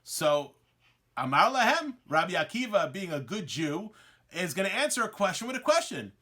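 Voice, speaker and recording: Man, Talmud lesson, high lively voice, bright tone, reads Hebrew then translates. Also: moderate pace. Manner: animated, acts out the quoted dialogue. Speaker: Torah teacher.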